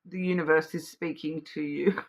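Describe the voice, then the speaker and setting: A woman's voice: sits low, steady tone, moderate pace. Rambling Australian woman reading cards. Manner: rambling, hesitant, many fillers and restarts. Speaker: card reader. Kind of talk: casual intuitive card reading.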